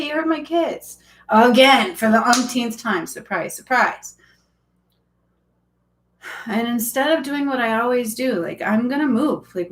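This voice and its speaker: A woman's voice: a little high, rough recording. A woman in her thirties who works as a spiritual healer, talking in a rambling, emotional way on a casual live stream, full of fillers and restarts.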